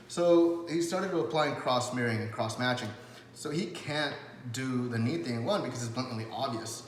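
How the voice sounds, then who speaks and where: A man's voice: medium pitch, fairly quick, slight background noise. A man teaching rapport skills in a loose, chatty spoken lesson, full of fillers, restarts and acted-out quotes. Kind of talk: casual spoken lesson to camera. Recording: echoey room with long reverb.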